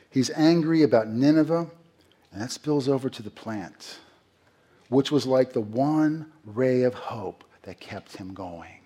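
Slightly husky and dark-toned, a middle-aged male pastor's voice sits at a normal pitch for a man as he delivers a sermon. He chats with his audience, asks rhetorical questions and acts out quotes.

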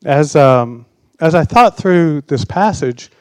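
A man's voice: fairly high pitch, lively intonation, slow, smooth, no room sound. A man in his sixties preaching a sermon, telling a personal story in a wry, sarcastic way. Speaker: pastor.

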